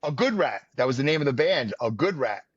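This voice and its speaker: A man's voice: mid-range voice, sing-song, fairly quick, breathy edge, no echo. Older new guy rambling thru old stories, lots of ums, dull lo-fi dry sound. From New York area, US. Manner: rambling, wry storyteller with many fillers. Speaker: podcast host. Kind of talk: casual chat, storytelling.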